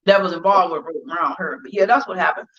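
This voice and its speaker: A woman's voice: on the low side, quick pace, a bit bright. Blunt, profane woman telling a story. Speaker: guest. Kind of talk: casual storytelling chat. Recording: dull lo-fi livestream audio.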